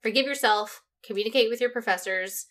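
A woman's voice: on the high side, brisk, a bit bright. Chatty woman podcast co-host. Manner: chatty, laughs easily, frequent "like". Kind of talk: casual podcast chat.

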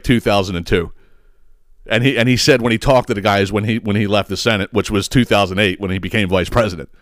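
A man's voice: fairly low pitch, a bit bright, dry recording. Swearing man ranting, dry close mic. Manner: emphatic, swearing, repeats himself. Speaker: podcast host. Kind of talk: profane political rant.

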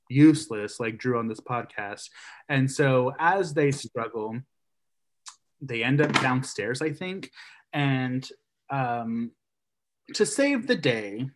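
Casual podcast guy retelling a story. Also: medium pitch. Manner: animated storyteller, acts out characters' lines.

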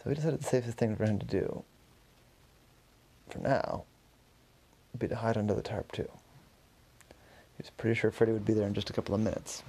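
A man tells a story off the cuff, stumbling and correcting himself as he goes. His voice is low and gravelly, with a dark, slightly husky tone. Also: brisk, pauses often. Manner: loose, with restarts and self-corrections. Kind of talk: improvised story narration.

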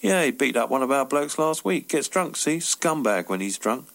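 A man's voice: medium pitch, sing-song, normal speed, fairly bright tone. A man voicing a blunt working-class taxi driver, speaking tersely and matter-of-factly.

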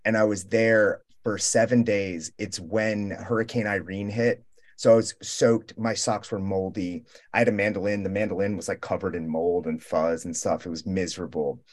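A young man in a relaxed roundtable chat, spinning a long story in a loose, profane, rambling way. He keeps slipping into the voices of the people he met and quoting them. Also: fairly low pitch, moderate pace. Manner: rambling, profane, animated storytelling with quoted dialogue. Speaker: roundtable guest. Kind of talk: casual storytelling.

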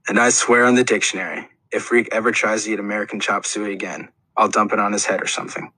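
A man's voice: lowish voice, level tone, quick pace, bright, forceful tone, slightly rough, no echo, low-quality recording. A man reading a first-person audiobook in an earnest, plain storytelling manner. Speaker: audiobook narrator.

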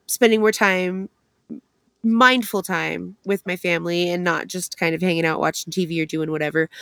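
A young woman with a lowish voice chats casually on a podcast, swearing freely and keeping the talk lively. The sound is dry and close, with no room around her. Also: no echo. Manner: swears freely, animated and chatty. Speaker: podcast co-host. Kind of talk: casual chat.

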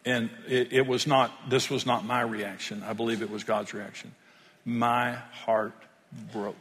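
Older pastor preaching in a hall. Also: male voice, medium pitch, steady tone, a little slow, fairly bright tone. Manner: storytelling, earnest, rises when stressing points. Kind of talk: sermon.

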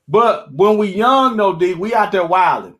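High-voiced animated joking man. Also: unhurried. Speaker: co-host. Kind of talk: casual live chat.

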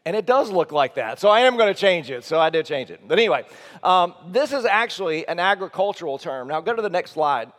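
A man, a teaching pastor, preaching an earnest, emphatic sermon that swings between soft low lines and loud high ones. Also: very animated, a little fast. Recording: long hall reverb.

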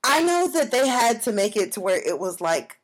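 A young woman from Africa co-hosting a casual podcast. She talks candidly and loosely, full of slang, with a middling pitch. She laughs easily between her stories. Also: sing-song, moderate pace. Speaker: podcast co-host. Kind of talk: casual chat.

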